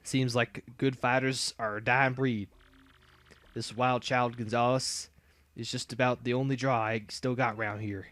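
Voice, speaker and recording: A man voicing a folksy male fight-club promoter with a put-on American Southern drawl, reading game dialogue in slow, drawn-out country talk. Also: medium pitch, flat delivery, fairly bright tone, no echo, lightly acted.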